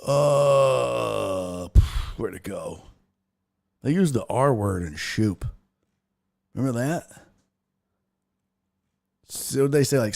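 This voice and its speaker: A man's voice: takes it slowly, gravelly, long pauses. A man hosting a casual sports talk livestream, reading viewer comments aloud and joking around. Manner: animated, jokey, swings pitch wildly. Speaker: sports talk show host.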